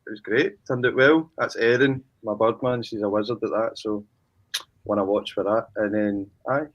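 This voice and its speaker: A man's voice: fairly low pitch, normal speed, dull audio. A man with a Glaswegian accent, a musician talking casually, blunt and slangy with heavy swearing. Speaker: musician guest. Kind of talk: casual chat.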